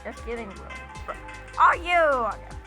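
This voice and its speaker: Excitable high-voiced woman gamer. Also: moderate pace. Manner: excitable, yelps and shouts in panic. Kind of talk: casual gameplay commentary with friends. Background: game music.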